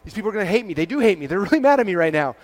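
A man with a slightly high voice tells stories on stage at a keynote for a live audience. He races along, acting out every exchange with "I'm like" and "he's like" and padding it with fillers. He sounds like a storyteller swept up in his own story. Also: big pitch swings, very fast, dry recording. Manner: acts out dialogue with "I'm like" and "he's like", lots of fillers. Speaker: keynote speaker at his company's event.

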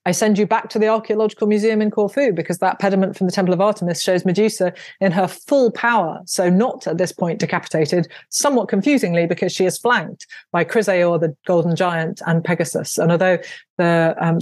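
A woman author and audiobook narrator talking in an interview, animated and quick to laugh, often making fun of herself. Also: on the low side, no room sound. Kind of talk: conversational interview.

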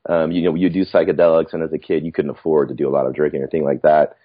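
A man's voice: extremely low pitch, flat delivery, rapid-fire, husky, narrow, tinny audio. A middle-aged man telling stories in a rambling, reflective way, with frequent restarts, as a podcast guest. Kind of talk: casual storytelling chat.

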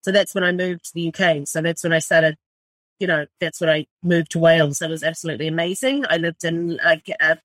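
A woman's voice: sits low, steady tone, fairly quick, no echo. A woman in her forties from New Zealand, with a New Zealand accent, telling her story as a chef in a blunt, swear-filled, casual way, full of "like". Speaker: chef and restaurant owner.

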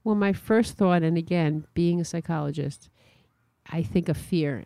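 Mellow psychologist lady, calm thoughtful advice, soft warm tone. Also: low-pitched, clear, resonant tone, no room sound. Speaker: psychologist and guest. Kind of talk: interview answer.

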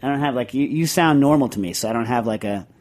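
A man's voice: medium pitch, quick pace, a little mellow. A man hosting a radio talk show, chatting casually with hesitant, rambling remarks. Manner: rambling, hesitant, fond of impressions. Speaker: host. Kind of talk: casual chat.

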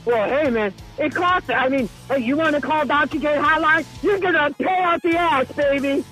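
A man putting on a wildly excitable male gossip caller who rattles off wrestling news in a very high, strained voice. He sounds breathless and shouts as he goes, with faint music underneath. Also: normal speed, low-quality recording. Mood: hyped. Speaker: hotline caller. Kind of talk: comedic podcast bit.

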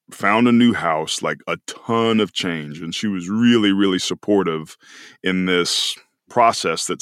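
A man in his forties with a very low voice, sharing a personal story as a podcast guest. He speaks earnestly and lets the weight of key moments slow him down, and the sound is dry and close. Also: fairly bright tone, no echo.

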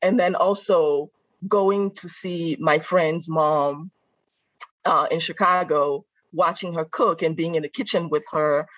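A woman from Benin, a guest on an interview podcast, chatting casually and telling animated stories with frequent laughs. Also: deep voice, slow pace, dry recording, rough recording. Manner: animated, laughs often, acts out quoted voices. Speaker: guest, food content creator. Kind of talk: casual conversational storytelling.

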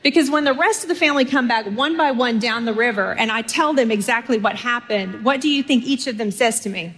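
A woman's voice: on the high side, a little fast, a bit bright. A middle-aged woman from Texas, preaching a sermon and telling stories with humor while speaking directly to her audience.

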